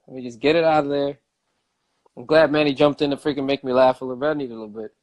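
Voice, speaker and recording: A man talks straight to his audience in a casual vlog rant. He gets emphatic, repeats lines for effect and swears freely. His voice sits at a middling pitch. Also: fairly even intonation, fast, darkish tone. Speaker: vlogger.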